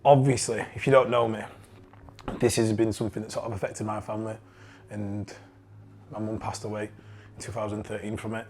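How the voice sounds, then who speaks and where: Candid Yorkshire man, lowish voice. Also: flat delivery, darkish tone. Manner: candid, swears freely, halting restarts. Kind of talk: casual personal story.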